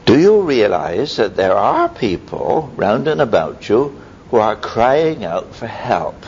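A man preaching a sermon, telling stories in a lively way with sudden high exclamations. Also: takes it slowly, husky. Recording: dull lo-fi recording with faint rumble.

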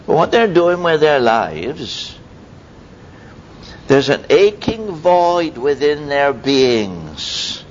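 A man preaching a sermon, telling stories in a lively way with sudden high exclamations. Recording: dull lo-fi recording with faint rumble.

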